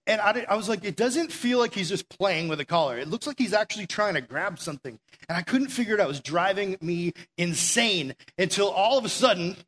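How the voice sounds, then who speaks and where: A young youth pastor gives a casual sermon in a church meeting room, telling stories chattily with lots of "like" and "right?" His high, fairly bright voice is animated and brisk, with hardly any pauses.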